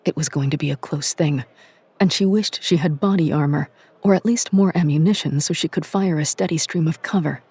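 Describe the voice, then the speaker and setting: A narrator reading an audiobook drama in a measured, dramatic way. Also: medium pitch, darkish tone, husky, dry recording. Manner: measured, dramatic, drops to a whisper at tense moments.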